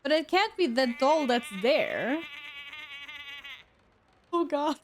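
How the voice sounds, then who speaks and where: A woman's voice: high voice, lively intonation, slow, a little hiss or hum. A young woman streamer giving casual gameplay commentary, chatty and easily amused, talking back to the game.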